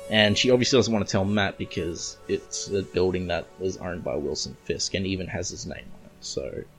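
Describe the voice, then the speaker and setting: A man's voice: low voice, moderate pace, a bit bright, soft background music. An Australian man casually recapping and reviewing a comic book issue in a chatty, rambling way. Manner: chatty, rambling, reads comic lines aloud.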